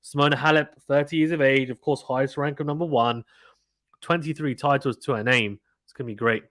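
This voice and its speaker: A man's voice: mid-range voice, steady tone, brisk, a bit bright, no room sound, studio quality. A man hosting a casual live tennis watchalong, chatting with viewers and often repeating himself. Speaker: live stream commentator. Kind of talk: casual play-by-play watchalong chat.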